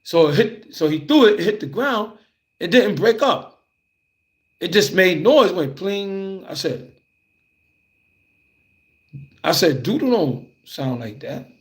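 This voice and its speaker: A man with a fairly high voice tells a childhood tale in loose, conversational fashion. He keeps it animated and acts out the scenes as he talks. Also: a little slow. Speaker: storyteller. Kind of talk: casual spoken storytelling.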